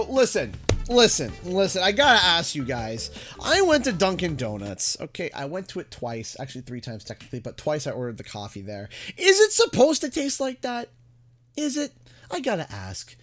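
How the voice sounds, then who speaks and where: Animated ranting man streaming. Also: fairly high pitch. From Canada. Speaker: gaming livestream host. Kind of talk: casual chat.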